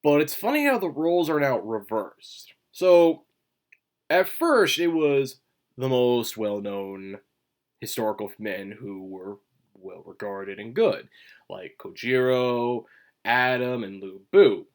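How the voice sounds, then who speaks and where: A manga commentary host speaks slowly and expressively in a laid-back solo video, gum in his mouth, rambling between topics. Every so often he launches into an emphatic outburst marked by a sudden jump in pitch.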